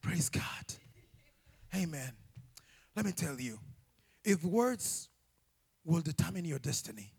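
A man preaching a sermon as pastor, animated and humorous, often shouting and laughing. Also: on the high side, takes it slowly, vocal fry, long pauses, slightly rough. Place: church.

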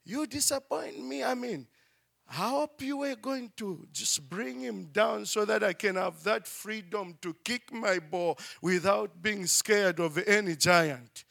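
A man voicing a trusting young boy who pleads for his lost ball, raising his voice higher as he tells the story. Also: slow pace, creaky, fairly bright tone, heavily acted. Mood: reproachful.

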